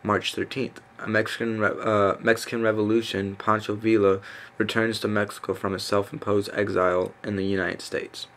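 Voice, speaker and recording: A man reading a list aloud in a casual, halting way, stumbling over names with fillers and self-corrections. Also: fairly low pitch, flat delivery, fairly bright tone. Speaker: reader. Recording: faint background noise.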